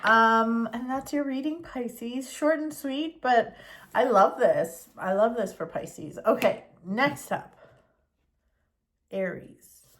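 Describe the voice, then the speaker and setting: A woman giving a casual tarot reading, chatty and expressive as she talks through the cards. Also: a little high, slow pace. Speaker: tarot reader.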